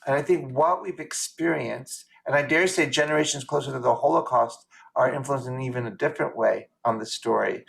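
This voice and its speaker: A man, a rabbi taking part in an online class, giving his opinion quickly and earnestly with some restarts over a video call. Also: medium pitch, creaky, a bit bright.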